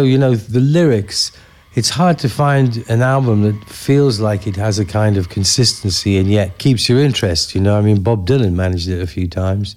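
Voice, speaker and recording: Brief: male producer, lowish voice, reflective and easygoing. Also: a little mellow. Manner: thoughtful, conversational, many "you know"s. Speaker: record producer. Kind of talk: reflective interview.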